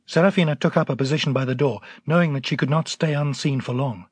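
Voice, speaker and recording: Husky-voiced male audiobook narrator. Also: on the high side, fast talker, no echo.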